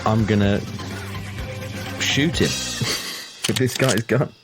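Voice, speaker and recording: A man playing in a tabletop game speaks with lively, swinging intonation. He keeps his replies short and laughs often, with faint music behind him. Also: fairly low pitch, very slow. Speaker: player. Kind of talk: tabletop game play, casual chat.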